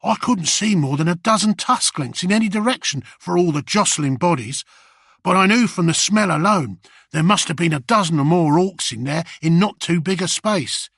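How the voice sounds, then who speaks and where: Guy telling the story as a jittery goblin, slangy and rough, kinda husky, higher voice, dry. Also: animated, normal speed, fairly bright tone, no room sound. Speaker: audiobook narrator. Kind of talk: first-person scripted narration.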